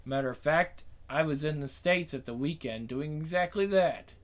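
A man's voice: a little high, normal speed, close to an everyday voice. A man voicing a blunt, sweary hard man. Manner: blunt, sweary, matter-of-fact. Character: gruff British hard man, blunt and sardonic.

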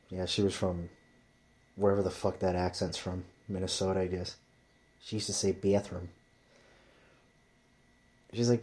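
A man's voice: low voice, little pitch movement, a little slow, long pauses, darkish tone. A man telling rambling stories in casual chat, swearing constantly as he talks. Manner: profane, rambling storyteller.

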